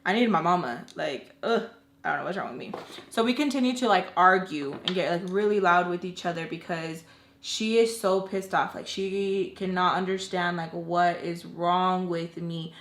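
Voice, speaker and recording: A woman's voice: fairly low pitch, normal speed, fairly bright tone, slight background noise. A young woman telling a long personal story in casual chat, emotional and full of "like" fillers. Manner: chatty, emotional, many "like" fillers. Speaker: storytime vlogger. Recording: roomy echo.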